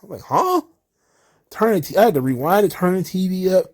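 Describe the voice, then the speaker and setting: Alone on a casual wrestling commentary, a man whose voice sits high speaks with energy and mocks the wrestlers through snappy impressions.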